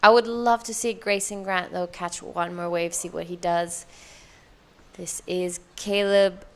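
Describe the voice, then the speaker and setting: A woman's voice: on the low side, fairly even intonation, a little slow. A woman co-commentating a surf contest live, describing each wave fluently and in detail.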